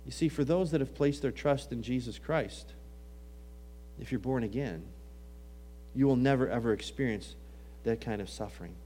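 A man delivers a sermon at a moderate pace over slight background noise, moving between hushed, low passages and loud, emphatic ones. He quotes scripture in old-fashioned wording.

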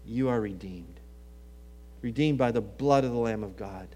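At a moderate pace, a man preaches, dropping into hushed, low tones and then rising to emphatic declarations, and he quotes scripture in antiquated phrasing.

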